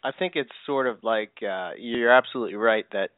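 A man's voice: mid-range voice, a little fast, no room sound. A man co-hosting a podcast, speaking casually and thoughtfully, with hesitant fillers as he works out his point. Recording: tinny phone-like call audio.

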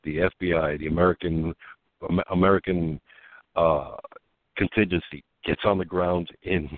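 A man's voice: sits low, fairly even intonation, moderate pace, no room sound. A man co-hosting a political talk radio show, telling stories animatedly and laughing as he goes. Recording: phone-line quality.

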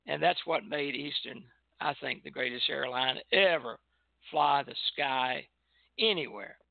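An older man, a retired airline pilot, telling relaxed anecdotes on a call-in show and chuckling as he goes. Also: medium pitch, unhurried, vocal fry, no room sound. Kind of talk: casual reminiscing on a call-in show. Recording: tinny phone line.

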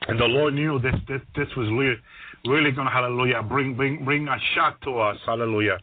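A man's voice: medium pitch, a little fast, breathy edge, dry recording. A man preaching a testimony on a radio ministry program. He restarts his sentences often and says "hallelujah" after almost every phrase. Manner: repeats "hallelujah" constantly, stammering restarts; grows louder and more excited. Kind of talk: testimony sermon. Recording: dry, phone-like radio broadcast line.

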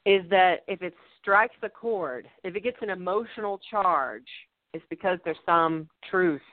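A woman's voice: fairly low pitch, a little slow, no room sound. A woman hosting a conversational discussion, affirming and agreeing as she talks. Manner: affirming, with frequent agreeing interjections. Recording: dry, tinny phone-like line.

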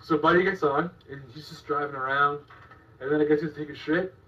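A man's voice: fairly high pitch, fairly even intonation, brisk, pushed and bright. A man in casual podcast chat, telling anecdotes in a matter-of-fact way. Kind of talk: casual storytelling. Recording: distant, dull-sounding podcast audio.

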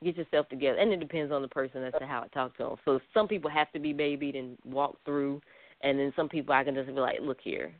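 A man's voice: medium pitch, fairly even intonation, fast talker. A man counseling as a radio guest, talking bluntly and straight, often laughing. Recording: dry tinny phone-like line.

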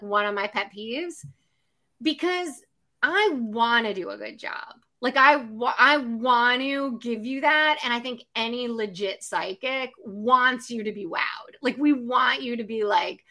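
A woman psychic medium chatting casually with a bright, slightly high voice. She talks in loose, filler-heavy runs and slips into the voices of the people she quotes. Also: expressive, a little slow. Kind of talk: casual chat.

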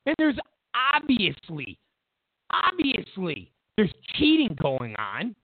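A man's voice: high voice, slow pace, no echo. A man hosting a political commentary show, delivering an emphatic, mocking monologue. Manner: emphatic, animated, mocking asides. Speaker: show host. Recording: tinny phone-like audio, dry.

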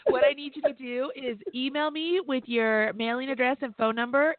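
A woman hosting a podcast in casual chat, bubbly and quick to laugh. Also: on the high side, no room sound. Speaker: podcast host. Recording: tinny phone line, dry.

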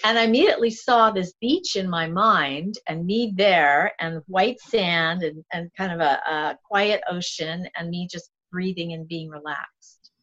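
A middle-aged woman with a lowish voice talks through shamanic practice, earnest and animated, restarting her phrases as she goes. The audio is dull and lo-fi. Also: a little slow. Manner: earnest, animated, self-correcting speech. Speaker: shamanic guest. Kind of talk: casual conversation.

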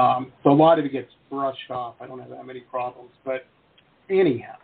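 A man's voice: mid-range voice, animated, fast, vocal fry, breathy edge. A chatty man from the United States hosting a casual video interview, rambling and joking as he talks. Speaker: interview host. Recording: tinny call audio with faint hiss.

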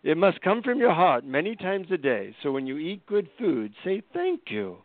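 A calm, wise old guru speaks in a raised, unhurried voice , put on by a man telling a story. Every word sounds like a lesson. The sound is narrow and tinny, as if heard over a phone line. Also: on the high side, dry recording, voice pushed up. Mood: solemn.

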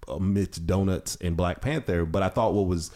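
A man's voice: low-pitched, normal speed, darkish tone. A man co-hosting a podcast roundtable, talking casually with lots of fillers and restarts. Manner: rambling, many fillers and restarts. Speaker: podcast co-host.

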